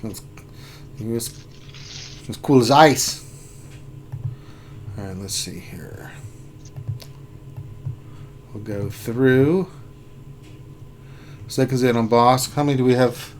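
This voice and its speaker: A man's voice: medium pitch, slow pace, long pauses, slight background noise. A man hosting a casual gaming live stream, joking, laughing often and thinking aloud. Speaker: gaming channel host. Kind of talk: casual live-stream chat reviewing game rosters.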